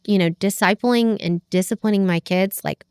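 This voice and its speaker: A woman's voice: mid-range voice, moderate pace, a little mellow, clean tone, no room sound, clean studio sound. A woman talking through parenting in an earnest, reflective way as a podcast guest. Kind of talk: casual conversation about parenting.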